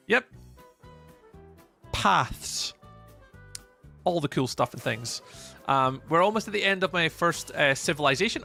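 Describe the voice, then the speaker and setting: A man's voice: a little high, gravelly, bright, forceful tone. A man from Scotland with a Scottish accent, chatting casually on a live stream and reading out and answering chat while he plays.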